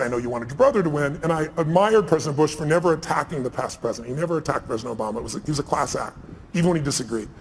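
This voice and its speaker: A man speaking on stage to an audience, telling stories fast and with emphasis, acting out what others said. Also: fairly high pitch, slight background noise. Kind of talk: stage conversation, storytelling. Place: large event hall with audience. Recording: reverberant hall, faint ambience.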